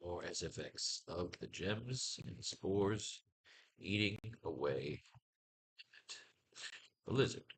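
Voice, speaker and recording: A man's voice: low voice, expressive, slow pace, pauses often, slight background noise. A man running a casual comics writing class, thinking aloud and testing lines of dialogue, swearing freely and muttering to himself.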